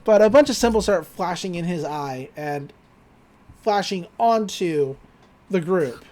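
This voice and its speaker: A man's voice: sits high, measured pace. A man co-hosting a podcast, casually recapping a cartoon episode and retelling scenes with a lot of energy. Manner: animated retelling, quotes characters in put-on voices, laughs often. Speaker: podcast co-host.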